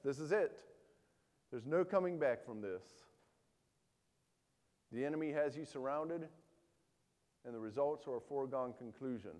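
A male pastor delivers a sermon with earnest conviction, reading scripture aloud and pressing his listeners with questions. His voice sits a little high for a man. A long hall reverb trails behind his words. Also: darkish tone. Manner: earnest preaching with rhetorical questions.

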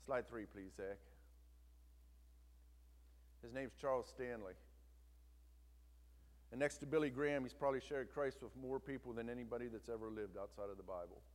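A man's voice: mid-range voice, moderate pace, pauses often, big-room sound. A male pastor preaching a sermon, telling a story with emphatic turns and urging the congregation to listen.

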